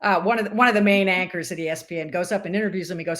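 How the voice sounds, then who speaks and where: Rapid-fire and fairly low-pitched, an older woman tells stories in a relaxed interview, drawing on her days as a sportscaster and umpire. She brings the quoted lines to life by acting them out.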